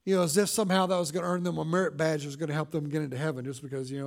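Guy pastor with a pretty high voice, talks to the church like a chat, slows way down on the big quotes. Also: fairly even intonation, creaky. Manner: conversational preaching with frequent fillers and dramatic quoted lines. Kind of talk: sermon.

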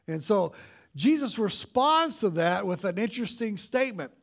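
A pastor giving a conversational sermon, with loose fillers and slow, dramatic readings of scripture lines. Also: male voice, high-pitched, big pitch swings, creaky.

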